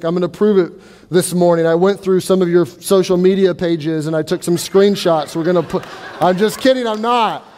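A man's voice: high-pitched, darkish tone, in a large hall. A male pastor preaching a sermon, conversational and playful, acting out complainers' voices for humor.

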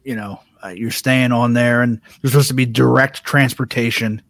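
A man's voice: mid-range voice, steady tone, normal speed, creaky, fairly bright tone, dry recording. A man with a mid-range voice co-hosts a casual live podcast. He jokes easily and laughs often, recorded on a dry close mic. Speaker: podcast co-host. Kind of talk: casual live-stream chat.

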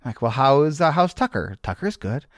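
A man's voice: mid-range voice, sing-song, normal speed, no echo. Wry man telling stories, dry sound. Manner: wry, teasing storyteller. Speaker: podcast co-host. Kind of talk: casual chat.

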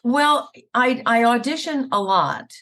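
A woman's voice: fairly high pitch, animated, takes it slowly, a bit bright. A middle-aged woman voice actor chatting in an interview, telling stories and laughing often. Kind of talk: casual interview conversation. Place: Atlanta area.

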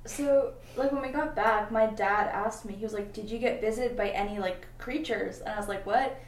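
A young woman co-hosting a casual podcast, chatty and quick to apologize for interrupting. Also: medium pitch. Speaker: podcast co-host. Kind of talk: casual chat. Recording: echoey room, distant from mic, faint ambient noise.

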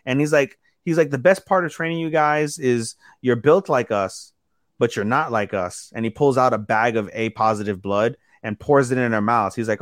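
Medium in pitch and normal in speed, his voice comes through studio-clean with no room sound. As a podcast co-host, he casually walks through an episode, acting out what the characters said and peppering it with "he's like."

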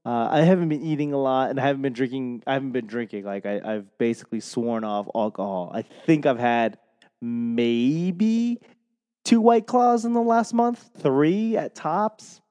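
A man's voice: medium pitch, normal speed, warm tone, big-room sound. A man with a Boston accent rambling casually into a microphone, self-deprecating and swearing freely.

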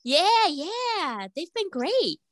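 A woman's voice: extremely high pitch, sing-song, extremely slow, dry recording. A woman co-hosting a podcast, agreeable and giggly in casual chat about reality TV. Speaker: podcast co-host.

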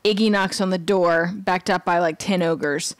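A woman's voice: lowish voice, fairly even intonation, no echo. A woman co-hosting a podcast, casually retelling a cartoon episode and briefly quoting the characters, laughing often. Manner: brisk storytelling, slipping briefly into characters' lines, laughs often. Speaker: podcast co-host.

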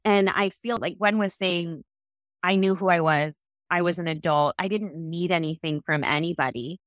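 A woman in her late thirties with a lowish voice tells a personal story candidly and reflectively. She sounds close to the mic, in a dry room with no echo, and comes alive when she voices other people. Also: moderate pace. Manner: earnest, reflective, lively when quoting others.

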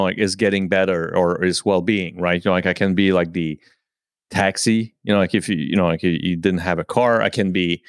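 Guy host rambling, lots of you know like, lowish voice, dry close sound. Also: clear, resonant tone, no room sound. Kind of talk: casual conversation.

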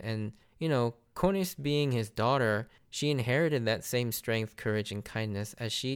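A man giving a casual, animated recap of an anime arc, laughing often and acting out characters' lines. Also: mid-range voice, clear, resonant tone. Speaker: anime reviewer.

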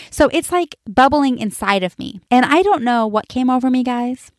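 A woman's voice: high voice, expressive, fairly quick, few pauses, no echo, studio quality. Candid forty-something woman telling a story. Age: 40s. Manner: candid and chatty, many fillers and asides to listeners. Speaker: podcast host. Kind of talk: personal storytelling to listeners.

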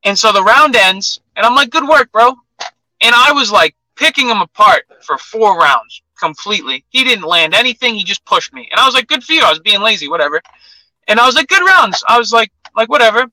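A young man tells a gym story in a high, very bright voice. He acts out what each person said as he goes. The sound is dry and close to the mic. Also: fairly quick, dry recording, low-quality recording. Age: young adult. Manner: animated anecdote-telling, acts out quotes. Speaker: MMA fighter, guest. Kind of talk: casual storytelling in an interview.

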